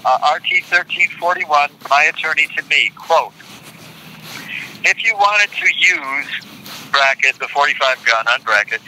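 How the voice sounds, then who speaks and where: An older man being interviewed, reading court transcript quotes aloud in a deliberate, indignant way and repeating lines for emphasis. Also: a little high, pushed and bright, a little hiss or hum, rough recording. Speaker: interview guest.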